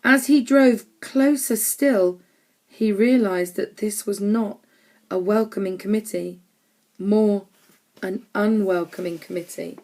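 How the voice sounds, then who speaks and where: Lady reading a kids storybook aloud, clear and measured, mid pitch. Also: darkish tone. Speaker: audiobook narrator. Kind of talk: scripted storybook narration.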